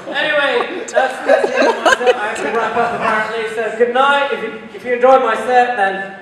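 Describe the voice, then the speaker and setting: A man's voice: very high voice, a little slow, a loud crowd. Crude, rambling man in an echoey hall. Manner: rambling, crude, self-interrupting. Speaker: stand-up comedian. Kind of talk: stand-up comedy set. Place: live comedy venue. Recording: echoey hall from far off, faint ambience.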